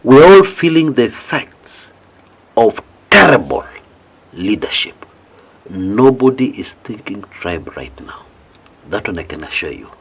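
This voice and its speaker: A Kenyan man delivering fervent political commentary, his husky voice swinging widely up and down as he pleads and presses his point. He leans on rhetorical questions and emphatic appeals to his listeners. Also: on the low side, very animated, measured pace. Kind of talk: impassioned political commentary to camera.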